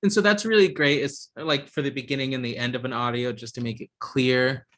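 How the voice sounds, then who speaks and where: A man leads an online software class from a video call mic. His talk is hesitant, with frequent ums and false starts, and sits at an ordinary middle pitch. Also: steady tone, brisk. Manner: hesitant, lots of ums and restarts. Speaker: instructor.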